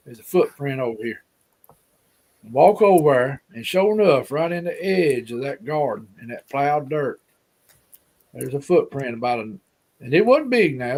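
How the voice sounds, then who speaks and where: Alabama-accented male guest, folksy rambling storyteller, voice on the higher side. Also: darkish tone. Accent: Alabama Southern. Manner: folksy, rambling, repeats himself. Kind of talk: casual storytelling.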